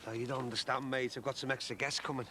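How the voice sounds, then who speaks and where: A man's voice: medium pitch, flat delivery, rapid-fire, noisy background, close to an everyday voice. An actor playing a matey, jovial middle-aged man. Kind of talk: soap opera acting.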